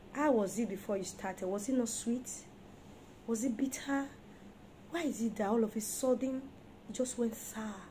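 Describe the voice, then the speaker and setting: A woman's voice: a little high, normal speed, warm tone, a little hiss or hum. A woman preaching an emphatic sermon on marriage, firing rhetorical questions at her listeners.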